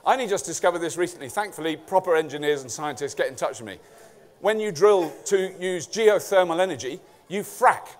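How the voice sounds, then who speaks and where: A man's voice: a little high, animated, brisk. A middle-aged man from England giving a comic conference talk, sweary, jokey and sarcastic. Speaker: conference speaker.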